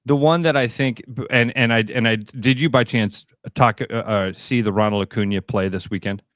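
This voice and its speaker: A middle-aged man co-hosting a radio sports talk show in casual banter, animated and sometimes slipping into comic voices when he retells a story. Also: mid-range voice, normal speed, no echo, clean studio sound. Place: radio studio.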